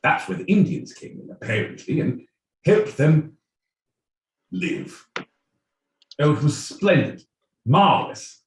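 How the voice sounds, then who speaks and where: A man's voice: a little high, lively intonation, slow, long pauses. Pompous gent with a mock British accent, a man putting it on; posh, affected delivery, roomy distant sound.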